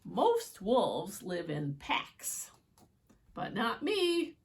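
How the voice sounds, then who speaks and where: A woman voicing a small male puppy who insists he is a fierce lone wolf, with proud, loud declarations broken by barking, in a storybook read-aloud. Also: mid-range voice, wildly swooping pitch, extremely slow, heavily acted. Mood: defiant.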